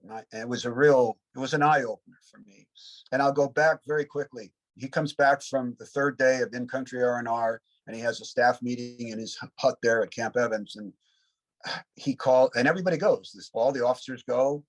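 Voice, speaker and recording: A Vietnam veteran in his seventies tells rambling, reflective war stories in an interview, often slipping in "you know." His voice is medium-pitched and a little fast, and the recording is low quality.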